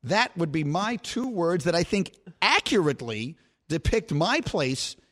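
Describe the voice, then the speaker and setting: A man's voice: a little high, sing-song, a little slow, fairly bright tone. A middle-aged man hosting a sports talk show, chatting in a playful, talkative, self-mocking way. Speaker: radio and podcast host. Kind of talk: casual sports talk banter.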